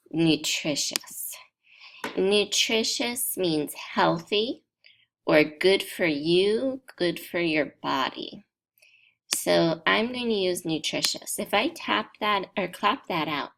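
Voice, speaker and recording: A woman teaching an English grammar lesson to learners, explaining step by step in a slow, deliberate way. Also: fairly low pitch, animated, vocal fry, a bit bright.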